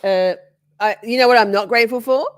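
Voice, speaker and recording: A woman's voice: fairly high pitch, brisk, no room sound, studio quality. A woman hosting a live stream, chatting casually with viewers. She is playful, laughs often, swears freely and talks straight to her audience. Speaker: livestream host.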